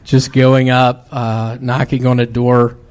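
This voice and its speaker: Brief: male comic, mid-pitched, hesitant, deadpan and awkward. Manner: halting, awkward delivery full of "uh". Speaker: stand-up comedian. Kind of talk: deadpan stand-up set and chat.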